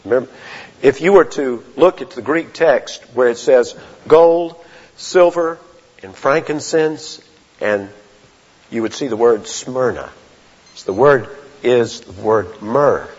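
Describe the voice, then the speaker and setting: A man preaching a sermon as a pastor, earnest and deliberate, often restarting his phrases. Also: medium pitch, slightly rough. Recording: dull lo-fi sound with long hall reverb.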